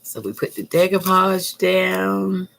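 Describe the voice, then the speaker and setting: A woman chats through a casual crafting tutorial at an unhurried pace. She thinks aloud as she works, and her tone is calm and soothing. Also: on the low side, gravelly. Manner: chatty, thinks aloud while working. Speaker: craft vlogger.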